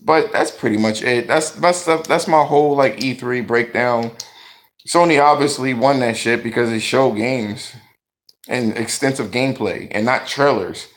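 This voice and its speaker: A man's voice: medium pitch, normal speed. A man giving blunt, profane gaming commentary, ranting in a talkative vlog style.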